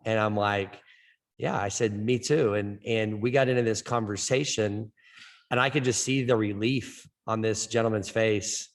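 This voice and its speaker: A man's voice: on the low side, fairly even intonation, moderate pace. Earnest man who stutters. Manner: stutters, with frequent word repetitions and restarts. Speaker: softball coach. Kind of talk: casual interview chat.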